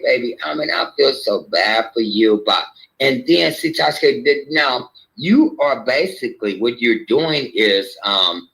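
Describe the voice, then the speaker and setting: A man hosting a casual commentary show, chatting to viewers and reacting to clips with animated exclamations. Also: medium pitch, creaky, slightly rough. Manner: chatty, keeps addressing "y'all", animated exclamations.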